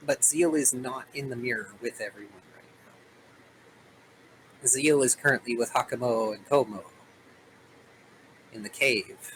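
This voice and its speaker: Speaking a little slowly with long pauses, this man has a medium-pitched, slightly bright voice. He's the game master of a tabletop RPG, telling the story with drama and tossing playful asides to his players, on a low-quality recording with a little hiss or hum.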